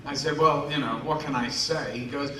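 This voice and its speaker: A man's voice: on the high side, fairly even intonation, moderate pace, a bit bright, distant mic, slight background noise. A man, telling a self-mocking story on stage to fans, acting out the voices of the people in it. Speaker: actor answering fan questions. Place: large convention hall. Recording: echoey hall, mic heard from afar.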